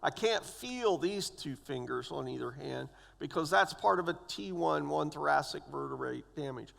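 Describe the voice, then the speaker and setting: Speaking at a moderate pace with lively intonation, this church elder in his sixties has a slightly high, creaky, somewhat bright voice. He gives a personal testimony in a church sanctuary and acts out the voices of people in his tale, with long hall reverb around him.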